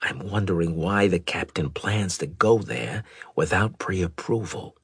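A man's voice: low voice, a little slow, a bit bright, breathy edge, no echo, clean studio sound, heavily acted. A man voicing a tired, dutiful sergeant. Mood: guarded. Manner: tired and deferential. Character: weary dutiful male sergeant, mid-career.

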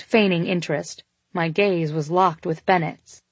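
Low-voiced woman narrating a romance. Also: measured pace, no echo. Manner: intimate, expressive, with voiced dialogue. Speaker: audiobook narrator. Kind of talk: scripted first-person romance narration.

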